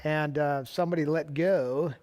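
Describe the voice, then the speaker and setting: Guy with dry humor, low-key, just chatting about a mishap. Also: fairly even intonation, normal speed, a little mellow. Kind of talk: casual conversation.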